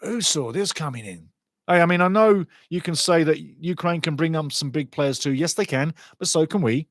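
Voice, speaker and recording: Excitable man, high voice. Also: moderate pace, no echo. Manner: excitable, repeats catchphrases, laughs loudly. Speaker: watchalong host. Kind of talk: excited live match commentary.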